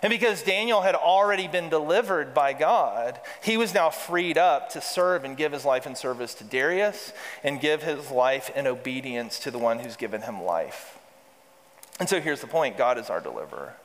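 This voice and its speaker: A man's voice: on the high side, moderate pace, fairly bright tone. A man preaching a sermon as pastor, reading scripture aloud with emphasis and calling the congregation to repeat lines back. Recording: reverberant hall.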